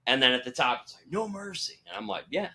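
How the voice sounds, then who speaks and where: A man's voice: medium pitch, quick pace. A young man hosting a podcast, chatting casually and acting out the people in his stories. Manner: animated storytelling, acting out quoted voices. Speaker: podcast host. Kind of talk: casual chat.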